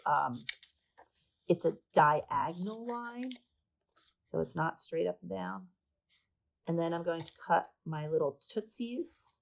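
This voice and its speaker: A woman's voice: on the low side, vocal fry, slight background noise, rough recording. A woman teaching a paper craft step by step, chatty and a little self-mocking as she works. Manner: chatty and self-deprecating, talking while working. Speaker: art teacher.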